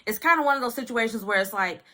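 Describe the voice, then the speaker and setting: A woman's voice: a little high, lively intonation, fast, sharp tone. A woman in her thirties from California, chatting casually to her viewers about news and benefits and often adding "okay". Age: 30s. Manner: chatty, addresses viewers as y'all, repeats okay. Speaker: news vlogger.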